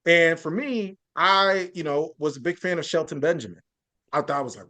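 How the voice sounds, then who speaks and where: A man's voice: on the high side, normal speed, pushed and bright. A man speaking as a journalist guest in a podcast interview, earnest and building his points through lists and frequent restarts.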